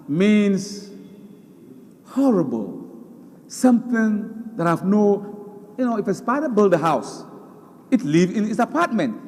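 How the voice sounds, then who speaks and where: A man preaching a sermon, animated, reciting Arabic verses and repeating words for emphasis. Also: high-pitched, long reverb tail. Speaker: Islamic preacher.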